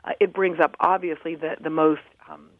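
A woman's voice: sits low, fairly even intonation, normal speed, no room sound. A woman professor answering interview questions over the phone, thoughtful, with many ums and restarts. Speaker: professor and guest commentator. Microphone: telephone. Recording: tinny phone line.

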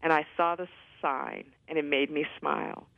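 A middle-aged woman, a guest on a radio interview, telling a personal story in a lively way with many fillers, heard over a phone line. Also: low-pitched, normal speed, creaky, no room sound. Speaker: guest, former White House physician.

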